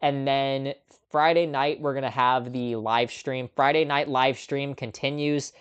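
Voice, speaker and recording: A man's voice: mid-range voice, steady tone, measured pace, smooth, highs cut off. Chatty man hosting a live movie stream. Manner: chatty, laughs often, lots of ums. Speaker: host. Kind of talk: casual live-stream chat.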